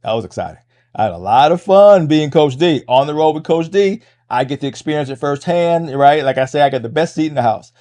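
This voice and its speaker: A middle-aged man with a fairly high, mellow voice talks quickly through a casual podcast monologue. He often restarts his phrases and keeps checking in with a quick "right?". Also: animated. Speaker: podcast host and MMA coach.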